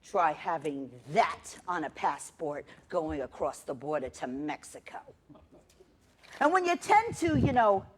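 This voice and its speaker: Middle-aged woman, stage storyteller, sardonic and salty, animated delivery with wide pitch swings. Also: measured pace, husky. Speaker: solo performer. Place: theater stage.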